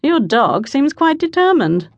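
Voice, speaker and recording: A dry-witted young gentleman, as a woman narrator reads him in a storybook. His lines come teasing and amused with a lively lilt, recorded close and dry. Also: high voice, unhurried, no room sound, muffled recording, pitched above the performer's own voice, full character voice.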